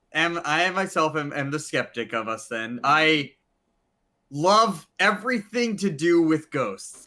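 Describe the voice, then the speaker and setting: Bright-voiced skeptical podcast co-host man. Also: fairly high pitch. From Savannah, Georgia. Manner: animated, swearing, self-styled skeptic. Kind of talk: casual chat.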